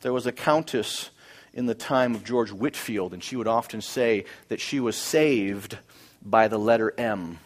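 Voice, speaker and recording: A man's voice: on the low side, unhurried. A man preaching a sermon through a Bible passage, emphatic and repeating key phrases as he builds his points. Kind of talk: expository sermon.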